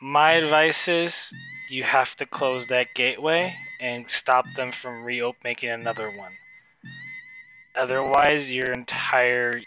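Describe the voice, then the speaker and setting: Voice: mid-range voice, pushed and bright, rough recording. A game master voicing a wary female Resistance agent.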